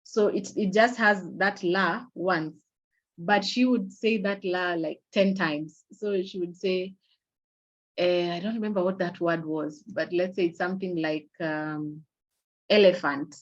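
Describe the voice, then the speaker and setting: A middle-aged woman giving an online awareness lecture in a measured, explanatory way, pausing often on fillers and restarting her sentences. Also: fairly low pitch, fairly even intonation, lo-fi sound. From Kenya. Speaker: webinar presenter. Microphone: video call.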